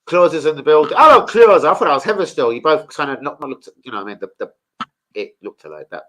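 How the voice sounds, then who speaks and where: A middle-aged man, hosting a casual football fan livestream and bantering with viewers in a sweary, animated way. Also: fairly high pitch, quick pace, rough recording. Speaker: football fan channel host.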